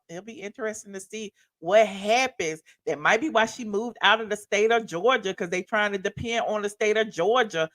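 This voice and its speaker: A woman from the American South with a Southern accent, hosting a live stream and casually explaining court filings in a chatty, folksy way. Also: medium pitch. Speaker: livestream host. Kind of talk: casual commentary on legal news.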